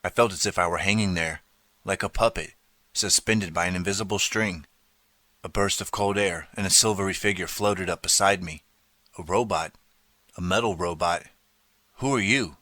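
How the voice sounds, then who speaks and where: A man narrates a children's story in the first person with dramatic, lively storytelling. His voice is low but bright and forceful. The recording is dry and close. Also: moderate pace, dry recording. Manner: dramatic storytelling, turns pleading for the boy's lines. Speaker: audiobook narrator.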